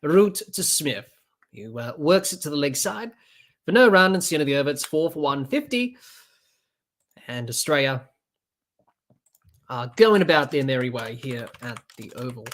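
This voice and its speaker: A man's voice: a little high, very animated, normal speed, pauses often, fairly bright tone. A man hosting a podcast, giving unscripted play-by-play cricket commentary with fillers and restarts. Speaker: podcast host doing live match commentary.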